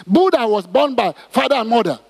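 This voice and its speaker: Male pastor, middle-aged, high husky voice, emphatic sermon, long hall reverb. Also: a little fast. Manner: emphatic, repetitive, animated preaching with stammered restarts.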